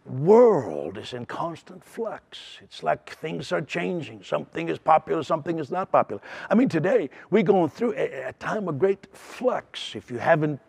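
Gravelly-voiced male preacher. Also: fairly high pitch, big pitch swings, moderate pace, few pauses, a little mellow. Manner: earnest, with frequent restarts and repeated words. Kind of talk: sermon.

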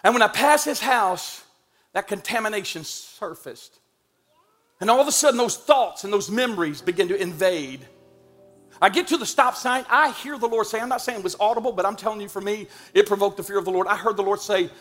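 A middle-aged man preaching a sermon, telling a story from his own life in an animated, humorous and emphatic way. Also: high-pitched, brisk, soft background music.

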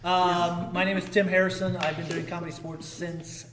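A man's voice: sits high, level tone, moderate pace, roomy sound, in a large hall, noisy background. A man who referees improv comedy, chatting modestly and joking dryly. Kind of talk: casual group chat.

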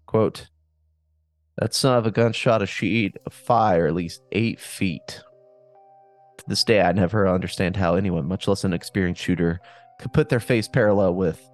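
Casual male podcast host, low voice, storyteller with wisecracks. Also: a little mellow. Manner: reads listener stories with joking asides.

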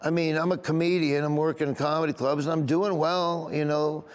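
A man's voice: fairly high pitch, fairly even intonation, a little fast, clear, resonant tone, in a large hall. A man, a comedian, telling a rambling, emotional story in an interview, often near tears and laughing. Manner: rambling, tearful and laughing as he recalls.

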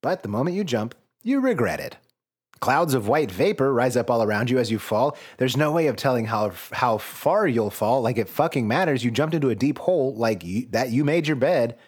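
Brief: husky male podcast co-host, lively pitch, mock-dramatic gamebook reading. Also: normal speed. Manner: animated, swearing, mock-dramatic. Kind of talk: comedic read-through with commentary.

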